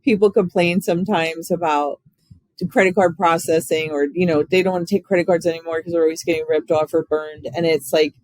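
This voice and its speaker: Male host, higher register, animated casual storyteller, dry studio sound. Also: a little fast, dry recording, poor audio. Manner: animated storyteller, acts out quoted voices. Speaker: podcast host. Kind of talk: casual interview chat.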